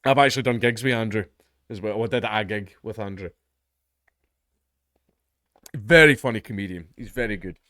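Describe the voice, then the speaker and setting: A man's voice: fairly low pitch, moderate pace, long pauses, pushed and bright, no echo, clean studio sound. A Scottish man giving opinionated commentary as a channel host, sardonic and mocking, with emphatic asides.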